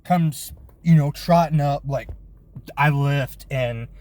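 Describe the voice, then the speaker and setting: A man's voice: a little high, slow pace. Man telling a bounty hunting story. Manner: lively retelling with swearing and restarts. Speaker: bounty hunter. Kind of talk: casual storytelling vlog.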